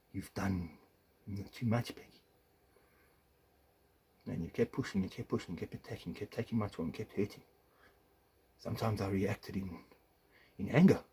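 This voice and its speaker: A man's voice: lowish voice, mellow, slight background noise. A man, an estranged father, delivering an angry, profane video rant with accusations, swinging between muttered asides and raised confrontation.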